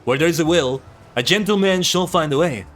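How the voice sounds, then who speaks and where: Gallant inspector, grand and declamatory, pitched up high, read by a man. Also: brisk, a bit bright, soft background music, close to an everyday voice. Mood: rousing. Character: gallant male gentleman inspector.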